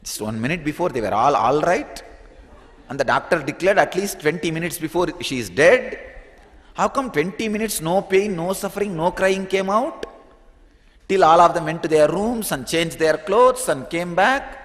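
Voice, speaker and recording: A man with a Tamil-influenced Indian English accent tells a story to a gathering, animated and often laughing as he acts out the voices. His voice sits fairly high for a man, and a long reverb trails behind it in a large hall. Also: normal speed. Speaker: spiritual teacher. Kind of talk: storytelling spiritual talk.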